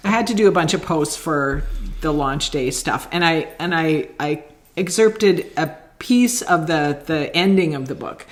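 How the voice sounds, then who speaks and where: Chatty woman with a low voice. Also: unhurried. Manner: chatty, repeats words while talking, laughs often. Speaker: podcast co-host and author. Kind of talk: casual chat.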